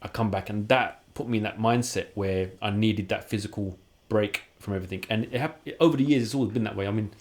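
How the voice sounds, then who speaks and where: A man's voice: fairly low pitch, fast, a little mellow. A man, a podcast guest telling candid personal stories in a casual way and acting out the dialogue he quotes. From London, England.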